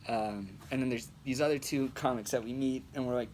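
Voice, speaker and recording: Chill young dude rambling through a story, lots of slang and cussing, mid-pitched voice, faint hum behind. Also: male voice, brisk, a little mellow. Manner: laid-back, slangy, swears freely. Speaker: amateur stand-up comic. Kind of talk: casual storytelling.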